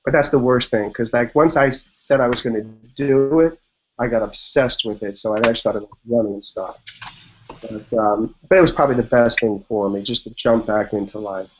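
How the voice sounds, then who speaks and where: A man's voice: medium pitch, fairly even intonation, normal speed, a little hiss or hum. A man in his fifties, a podcast guest, telling a long personal story in a loose, rambling way full of "like" and "you know". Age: 50s. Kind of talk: casual interview storytelling. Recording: dull lo-fi podcast audio.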